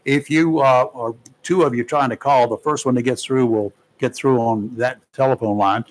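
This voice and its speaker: A male talk radio host chatting on air from a studio. His talk is folksy and loose, full of small jokes, and he often pauses on "uh" as he goes. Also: mid-range voice, fairly even intonation, low-quality recording. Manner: folksy and joking, with many fillers. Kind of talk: casual talk radio commentary.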